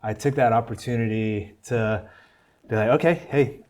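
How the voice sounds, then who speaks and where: A man's voice: mid-range voice, normal speed. An American man, a podcast guest, telling his testimony in a casual, earnest way and acting out the voices of people he quotes. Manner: earnest, animated storytelling with quoted dialogue.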